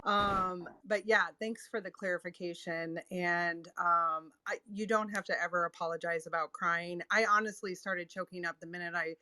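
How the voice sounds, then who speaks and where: A woman's voice: on the low side, steady tone, normal speed, few pauses, bright, forceful tone, dry recording. A woman hosting an online audio room, chatting loosely with many ums and little laughs. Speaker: host. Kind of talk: casual chat.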